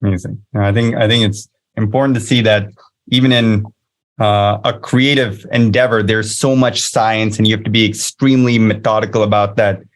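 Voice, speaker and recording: Curious male interviewer, low voice. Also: fairly even intonation, moderate pace. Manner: curious, inquisitive. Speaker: interviewer, host. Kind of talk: casual interview talk.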